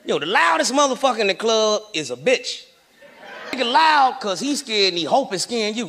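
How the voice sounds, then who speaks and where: A man doing profane, animated stand-up comedy, shouting punchlines and acting out arguments. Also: high-pitched, fairly quick. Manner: profane, loud, animated, acts out characters.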